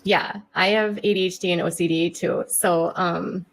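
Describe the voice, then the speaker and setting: A woman's voice: lowish voice, steady tone, moderate pace. A woman creator talking casually to her audience, rambling and self-deprecating with many fillers. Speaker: online content creator. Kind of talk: casual talk to camera.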